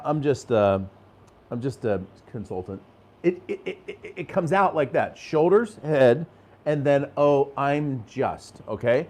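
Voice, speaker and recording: A man's voice: on the high side, vocal fry, a little mellow. A middle-aged man hosting a live sales training show. He talks to viewers with energy and emphasis, chuckles often and restarts his phrases. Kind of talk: live motivational sales talk to viewers in chat.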